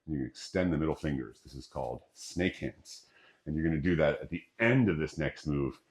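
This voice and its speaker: Deep-voiced man guiding breathing exercises. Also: brisk, a little mellow. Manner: casual, jokey, talks through each breath. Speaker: qigong instructor. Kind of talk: guided exercise instruction.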